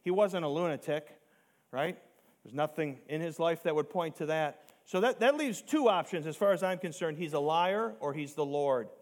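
A man preaching a sermon, emphatic, slowing down to stress key words and rising to near shouts on key points. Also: fairly high pitch. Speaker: pastor.

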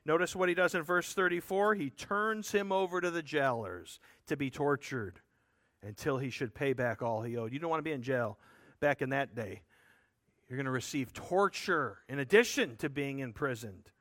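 A man's voice: medium pitch, lively intonation, moderate pace, a bit bright, dry recording, studio quality. A man preaching a sermon, explaining a scripture passage in an earnest, emphatic way with rhetorical asides to his listeners.

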